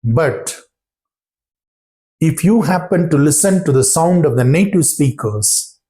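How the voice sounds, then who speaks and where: A man teaches pronunciation at a very slow, careful pace, going over each example phrase several times. His voice has a mellow, darker tone. He keeps checking in with his listeners and encouraging them. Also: a little high, expressive. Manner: repeats phrases and checks understanding with "got it?". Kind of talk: slow, deliberate classroom explanation.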